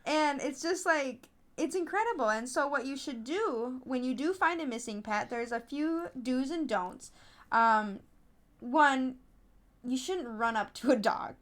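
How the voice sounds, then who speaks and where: A woman telling stories in a casual podcast interview, chatty and animated, with frequent fillers and restarts. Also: a little slow. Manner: animated storytelling, acts out others in high voices. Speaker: podcast host, app founder being interviewed.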